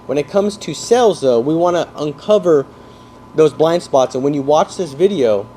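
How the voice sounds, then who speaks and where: A man coaching salespeople in an energetic talk, explaining through football comparisons and often checking that his listeners follow. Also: fairly high pitch, moderate pace, slight background noise. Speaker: sales trainer.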